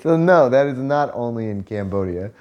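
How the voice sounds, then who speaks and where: A man's voice: mid-range voice, expressive, moderate pace, muffled recording. A man telling a story in casual, profane chat, laughing often as he talks. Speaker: vlogger telling a story to his partner.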